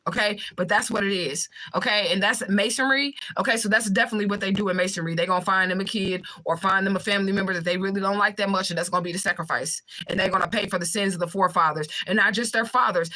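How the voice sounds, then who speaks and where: A young woman hosting a livestream, talking fast and bluntly with swearing while she reads out viewer comments. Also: medium pitch, pushed and bright, rough recording. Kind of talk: fast casual livestream talk.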